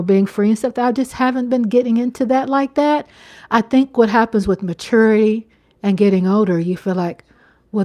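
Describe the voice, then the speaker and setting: A middle-aged woman hosting a casual livestream from home, chatting with viewers, reading their comments aloud, laughing often and sometimes dropping into a hushed whisper. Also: medium pitch. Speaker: livestream host. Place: home, at night.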